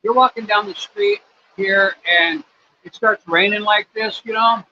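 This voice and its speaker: Hosting a casual stream at his home in Cambodia, an American man answers viewer questions in a rambling, easygoing way with many fillers. His high voice is unhurried and sharp-toned. The sound is slightly dull, with a faint noise underneath.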